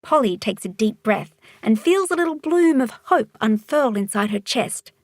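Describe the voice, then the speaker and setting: A woman narrating a children's storybook in a calm, even read-aloud manner. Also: medium pitch, measured pace, no room sound, studio quality.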